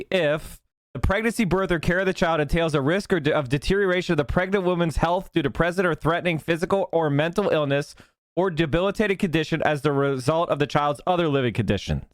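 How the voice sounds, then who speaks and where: A man's voice: on the high side, fast, no echo. A man hosting a casual reaction stream, blunt and profane, thinking aloud as he looks things up. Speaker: stream host reacting to a clip.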